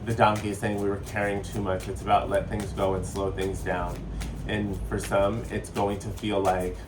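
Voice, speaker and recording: Sassy low-voiced man reading tarot. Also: normal speed, distant mic, background noise. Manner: playful, sassy, slips into joking accents; chatty, excitable. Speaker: tarot reader. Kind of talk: casual spiritual tarot reading.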